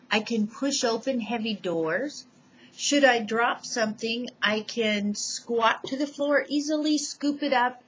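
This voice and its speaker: Woman, home testimonial, slow and deliberate, mid pitch, muffled lo-fi recording. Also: a bit bright. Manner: slow, deliberate, listing each change. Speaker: person describing her own recovery. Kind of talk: personal testimonial to camera. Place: at home, seated in a chair. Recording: dull lo-fi home recording, faint noise.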